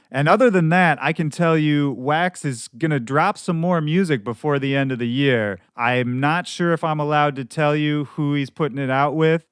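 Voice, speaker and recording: Male podcast host, hoarse and a bit shredded, smooth close dry sound, relaxed candid monologue. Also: medium pitch, no echo. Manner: candid, loose and conversational, with some swearing. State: hoarse from shouting at a show.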